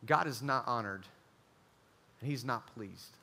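A young man preaching a youth sermon, joking and acting out quick bits of dialogue. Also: mid-range voice, vocal fry, bright, forceful tone. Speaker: youth pastor.

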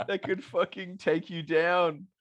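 A man's voice: high voice, flat delivery, measured pace, dull audio, crowd noise. A man co-hosting a casual podcast chat, laughing and swearing often. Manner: laughing, swearing, mocking impressions. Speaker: podcast co-host.

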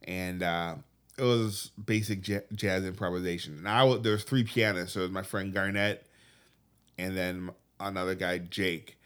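A man earnestly telling a personal faith story, often halting and restarting his sentences. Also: low-pitched, steady tone, fairly bright tone, clear, resonant tone. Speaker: guest telling his testimony.

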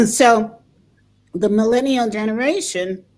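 An older woman from the United States, speaking in a conversational interview, reflective, pausing and repeating words as she thinks. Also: on the high side, animated. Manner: reflective, pauses and repeats words, laughs softly.

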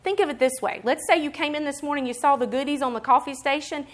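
An animated woman preaching a sermon with a slightly high voice. She moves from quiet, plain teaching to loud, emphatic declarations. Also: fast. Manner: acts out other people's voices in quotes.

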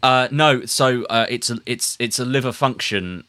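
A man with a posh English accent, a podcast co-host, feeling woozy and telling a rambling, halting story with frequent laughs. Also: medium pitch, bright, forceful tone. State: woozy after a blood test. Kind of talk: casual chat.

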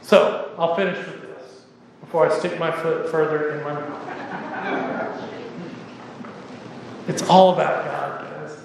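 Texan male pastor, emphatic and playful preacher, high tone, reverberant sanctuary with long decay. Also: steady tone, slow, vocal fry, pauses often. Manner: emphatic, joking asides to the congregation. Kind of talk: sermon. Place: church sanctuary. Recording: echoey church hall with reverb.

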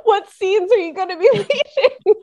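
A woman in her thirties co-hosting a podcast, chatting casually and teasing her co-hosts with quick wit. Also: very high voice, dark tone. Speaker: podcast co-host. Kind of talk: casual chat.

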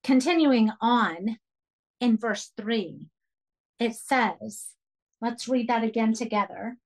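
A woman's voice: on the high side, slow pace. A woman leading a Bible study for women, speaking earnestly and emphatically and urging listeners to take notes.

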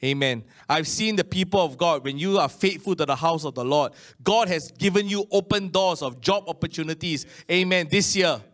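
Man, Singaporean English accent, middle-aged preacher, fairly high voice, chatty sermon, drawn-out emphatic lines. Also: fairly bright tone. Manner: conversational preaching with Amen refrains and slow emphatic phrases.

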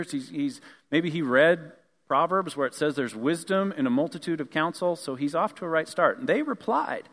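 A man's voice: fairly high pitch, animated, moderate pace. A male pastor preaching a sermon, reading scripture and adding casual conversational asides. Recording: long reverb of a large hall.

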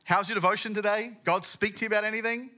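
A preacher voicing a cheerful wife at breakfast, asking bright sing-song questions. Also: female voice, mid-range voice, steady tone, quick pace, pitched above the performer's own voice, close to an everyday voice. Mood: chirpy.

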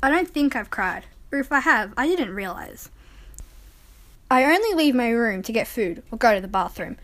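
A woman with a fairly high voice reads a first-person story aloud. Her delivery is calm and measured, the steady pace of a storybook reading. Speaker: narrator.

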